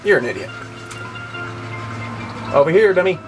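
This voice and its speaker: A man's voice: a little high, big pitch swings, normal speed. A man giving sarcastic, profanity-laced commentary while playing a video game. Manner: sarcastic, swears often. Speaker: let's play gamer. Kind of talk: gameplay commentary. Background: video game music.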